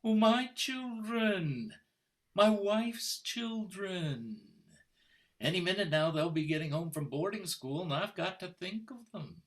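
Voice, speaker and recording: A man's voice: sits high, lively intonation. An older man acting a scornful husband who coldly taunts his wife, in a stage play performed over a video call. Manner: taunting, mocking, coldly deliberate. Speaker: actor in a play. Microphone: computer mic on a video call.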